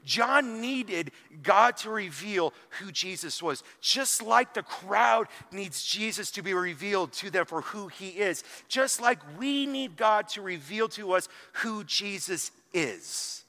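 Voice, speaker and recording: Male pastor preaching casually, high-pitched, church hall echo. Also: lively intonation, takes it slowly, hardly any pauses, sharp tone. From small town. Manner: conversational, frequent "like", acts out quotes with sudden emphasis. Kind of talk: sermon. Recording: long hall reverb.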